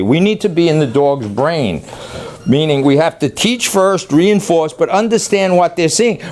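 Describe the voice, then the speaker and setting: A man who runs a dog training facility, talking loosely and excitably as he demonstrates training, now and then yelling playfully. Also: a little high. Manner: loose, rambling, excitable, yells playfully at times. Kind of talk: casual on-camera demonstration.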